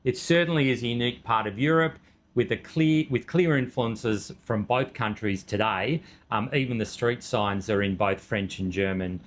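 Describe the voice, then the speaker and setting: A man's voice: mid-range voice, moderate pace, slight background noise. A middle-aged man co-hosting a travel show, chatting casually and easily about a trip, with fillers. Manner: relaxed, easygoing storytelling with fillers. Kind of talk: casual travel recap chat.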